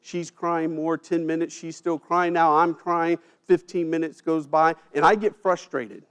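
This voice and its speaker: A man giving a personal storytelling speech at an event, emotional, with dramatic pauses and quiet drops at heavy moments. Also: fairly high pitch, little pitch movement, smooth. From United States. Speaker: keynote speaker. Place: event stage.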